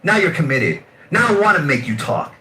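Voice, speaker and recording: A man trash-talking loudly and aggressively in a heated voice chat argument. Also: on the high side, big pitch swings, brisk, echoey room.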